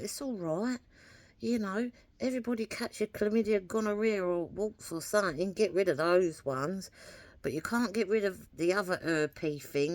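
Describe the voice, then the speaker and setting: A chatty woman rambling through a story, slipping into the voices of what she said at the time. Her voice sits a little low for a woman, and the sound is dry and close with no room around it. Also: a bit bright, no echo. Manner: rambling, chatty, acts out her own quoted words. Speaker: vlogger. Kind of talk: casual storytelling to camera.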